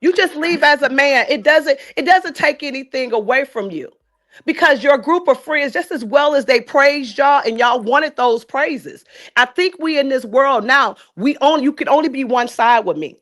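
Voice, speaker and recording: Woman on a live stream chat, slightly high voice, keeps hammering her point home, slow and deliberate. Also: fairly bright tone. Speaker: guest commentator. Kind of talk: live stream reality TV discussion.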